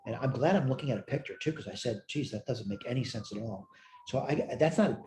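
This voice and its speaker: A man's voice: medium pitch, lively intonation, fast talker, darkish tone, a little hiss or hum. A tired man teaching a recorded math lecture, thinking aloud as he works problems, correcting himself and answering his own questions. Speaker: math instructor.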